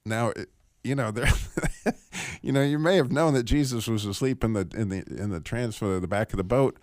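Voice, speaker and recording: A man hosting a radio call-in show, teaching through a Bible passage in a casual, animated way. He laughs often and restarts his sentences. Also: mid-range voice, normal speed, no echo, clean studio sound.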